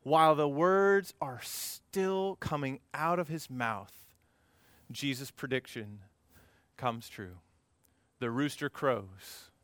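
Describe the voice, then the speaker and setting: Bright, clear-voiced man preaching. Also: medium pitch, takes it slowly, no room sound. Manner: lively storytelling with asides to the congregation. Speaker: pastor. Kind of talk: conversational sermon. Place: church service before a congregation.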